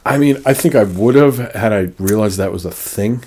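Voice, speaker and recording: A man's voice: fairly low pitch, moderate pace, mellow, slight background noise. A man co-hosting a show, chatting casually and rambling with lots of fillers and restarts. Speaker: podcast co-host. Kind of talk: casual chat.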